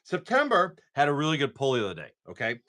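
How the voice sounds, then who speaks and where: A man running a live card sale, talking in a rambling, chatty way and often restarting. His pitch is animated, and his voice is bright and forceful. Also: quick pace. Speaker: live card-break seller. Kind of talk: casual live-stream chat.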